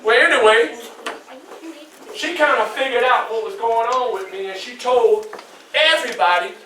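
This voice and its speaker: Man in his 60s, high bright voice, storytelling to a class, echoey room heard from a distance. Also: moderate pace, slight background noise. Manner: vivid, repetitive storytelling that asks the audience questions. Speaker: guest speaker to an elementary class. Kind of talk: personal storytelling talk. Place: school classroom indoors.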